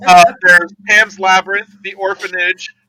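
A man talking as a podcast guest in casual chat, animated and swearing freely as he tells a story. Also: high voice, measured pace, a crowd in the background, low-quality recording.

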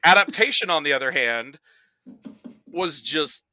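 A man speaking as a podcast guest in casual chat, telling animated, profane stories. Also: a little high, a little slow.

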